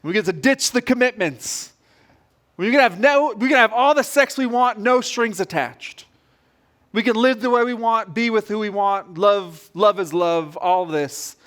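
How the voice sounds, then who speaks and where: A man preaching a sermon as pastor, telling a story in an animated, direct way. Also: high-pitched.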